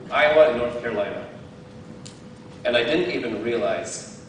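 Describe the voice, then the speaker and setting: A man's voice: medium pitch, lively intonation, moderate pace, slight background noise. Man preaching in an echoey hall. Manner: candid, self-deprecating, with bursts of laughter. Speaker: guest preacher. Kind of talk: sermon. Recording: very echoey hall, heard from some distance.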